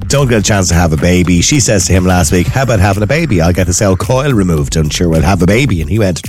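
A man with an Irish accent hosting a late-night radio talk show, chatting in a lively, rambling way with asides. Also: low voice, quick pace, hardly any pauses, faint music behind.

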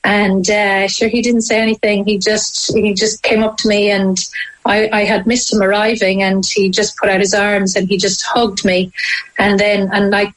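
A woman with an Irish accent, telling a deeply personal story as an interview guest, halting and emotional with frequent restarts. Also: little pitch movement, rough recording. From Ireland.

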